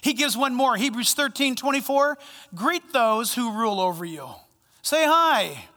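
A male pastor preaching a sermon, animated and playful, swinging between loud bursts and hushed asides. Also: extremely high pitch, unhurried, in a large hall. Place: church sanctuary.

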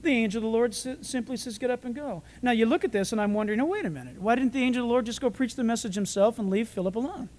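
A man preaching a sermon, animated, acting out voices and shouting for emphasis. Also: extremely high pitch, very fast, few pauses. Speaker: pastor. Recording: reverberant hall.

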